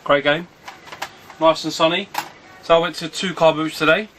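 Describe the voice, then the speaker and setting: A man's voice: a little high, steady tone, moderate pace, pushed and bright, slight background noise. A man talking casually and rambling in a home video outdoors on a sunny afternoon. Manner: rambling, chatty, often breaks off to call his dog. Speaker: retro game collector vlogger. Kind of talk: casual vlog chat.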